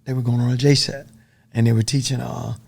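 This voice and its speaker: A middle-aged man and former soldier, a podcast guest telling stories in a casual, profane, animated way. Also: mid-range voice, fairly quick, gravelly. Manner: profane, animated storytelling full of dude and man.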